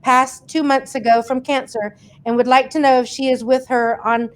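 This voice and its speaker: A woman's voice: high-pitched, flat delivery, moderate pace, slight background noise. A woman hosting a casual livestream, chatting and reading viewer comments aloud, laughing often. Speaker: host reading viewer questions.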